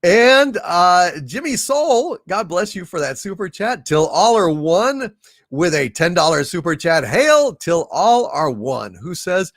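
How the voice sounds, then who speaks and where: Slow, halting man with a higher voice. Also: very animated, a bit bright, no room sound, studio quality. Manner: slow, halting, with many fillers; sings slowly. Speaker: live stream host. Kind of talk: casual live stream chat, reading super chats.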